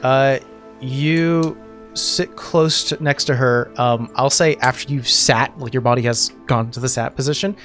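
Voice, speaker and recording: A man narrating as game master in a tabletop game, casual and halting. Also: mid-range voice, steady tone, a bit bright, soft background music.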